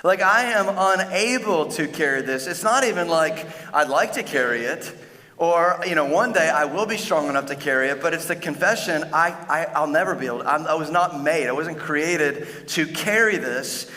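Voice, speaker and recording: A middle-aged man preaching a sermon as pastor, speaking earnestly and haltingly with frequent restarts. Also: fairly high pitch, sharp tone. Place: large church hall. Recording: long hall reverb.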